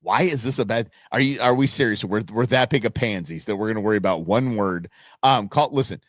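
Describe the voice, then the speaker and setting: A man's voice: lowish voice, a little fast, no room sound, studio quality. A man hosting a live stream, reacting bluntly to a TV clip and rambling with frequent restarts.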